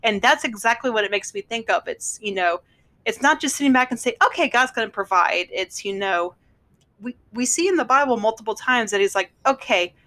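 A woman co-hosting a podcast in casual chat, telling jokes and acting out quick voices. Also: fairly high pitch, fairly bright tone. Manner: storytelling, acts out voices in jokes. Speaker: podcast co-host.

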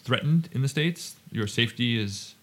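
A man's voice: medium pitch, lively intonation, moderate pace, a bit bright. A man hosting a podcast interview, chatty and teasing, with lots of "like" fillers. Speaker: podcast host. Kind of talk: casual interview chat.

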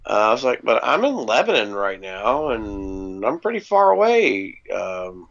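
Man, gravelly voice, casual podcast storytelling, lots of ums, swears, muffled lo-fi sound. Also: on the low side, very animated, a little slow, fairly bright tone. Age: adult parent. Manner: laid-back, swears freely, many ums. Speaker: podcast co-host. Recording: dull lo-fi podcast audio.

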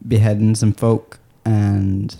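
A man's voice: on the low side, flat delivery, takes it slowly, dark tone. A man voicing a brash young British man with a put-on British accent, crude and playing it for laughs in a job interview bit. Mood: cheeky.

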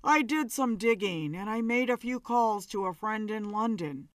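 A woman reading a story aloud voices Kerr, a grave, uneasy older man who breaks bad news reluctantly, dropping her voice somewhat lower. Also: expressive, normal speed, no echo, close to an everyday voice.

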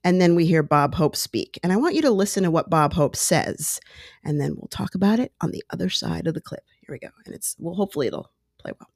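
Lady rambling through a story, lots of pitch ups and downs, bone-dry sound. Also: a little fast, no echo. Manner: chatty, digressive, animated. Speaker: podcast host. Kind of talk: casual monologue commentary.

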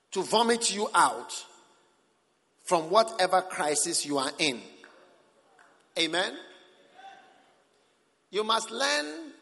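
Male preacher, sermon, bright voice, slow emphatic delivery that jumps from loud to soft, long church reverb. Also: high voice. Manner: emphatic, with sudden swings between loud and soft. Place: church service.

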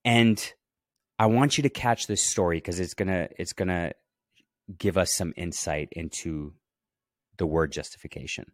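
A man's voice: low-pitched, moderate pace, no echo, clean studio sound. A man hosting a Bible teaching podcast. He reads scripture aloud and stops often to stress key words and press his listeners to take them in.

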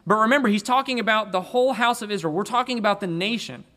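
Male preacher, slightly high bright voice, earnest sermon delivery with frequent restarts. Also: fast talker. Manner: earnest, repeats words when restarting. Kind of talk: sermon with scripture reading.

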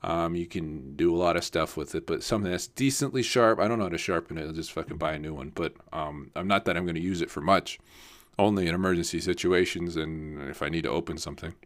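A man's voice: low voice, quick pace. A young man telling a casual story, rambling and swearing with lots of fillers and restarts.

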